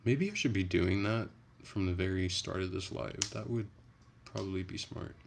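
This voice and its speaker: A young man talks casually to his viewers on a phone livestream, chatty and prone to profane rants. His voice sits very low with a gravelly fry to it. A faint hum of ambience sits behind him. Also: normal speed. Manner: chatty, profane, animated ranting. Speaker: livestream host. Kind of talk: casual livestream chat reading comments.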